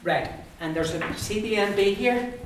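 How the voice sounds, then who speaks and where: A man with an Ulster lilt leads a classroom pronunciation lesson, sounding out each vowel deliberately so students can copy it. His voice sits a little high for a man. He is picked up from across a very echoey room, with faint noise behind. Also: fairly bright tone, recorded from a distance. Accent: Ulster Irish English. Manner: drills words aloud, modelling each sound carefully. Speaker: language teacher.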